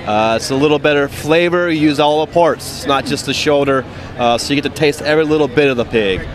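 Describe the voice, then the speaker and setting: A man's voice: a little high, fast talker. A man from North Carolina, a barbecue team member speaking in a rambling way full of fillers outdoors at a festival. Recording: crowd noise at an outdoor festival.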